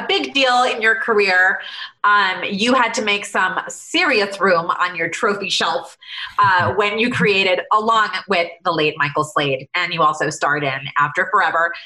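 A woman's voice: mid-range voice, pushed and bright. A woman hosting an interview, asking long, chatty questions with many fillers. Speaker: interview host. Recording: roomy echo.

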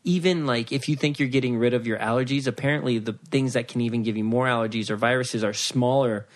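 A man co-hosting a casual podcast chat, rambling and correcting himself, getting animated when he jokes. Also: mid-range voice, fast talker. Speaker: podcast co-host. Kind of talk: casual chat with a sponsor read.

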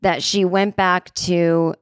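A woman's voice: lowish voice, level tone, slow pace, clear, resonant tone, dry recording. Chatty woman telling a story, dry sound. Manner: chatty, digressive, full of "like" and "you know". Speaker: comedian podcast host. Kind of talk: casual storytelling monologue. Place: hotel room.

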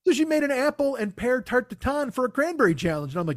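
A man's voice: extremely high pitch, very animated, quick pace, no echo, studio quality. A man hosting a podcast, ranting in a casual, comic, profane and exasperated way. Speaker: podcast host. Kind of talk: casual comedic rant.

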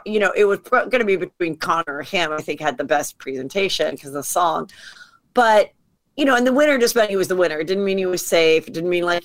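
A woman comedian telling stories as a podcast guest, chatty and quick to act out what people said. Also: on the low side, fairly bright tone. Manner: chatty storyteller acting out quotes. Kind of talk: casual podcast chat.

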